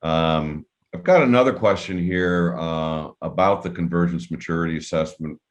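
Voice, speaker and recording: A man with an extremely deep voice moderates a webinar panel discussion. He talks in a measured, deliberate way and chooses his words carefully as he passes questions to the panel.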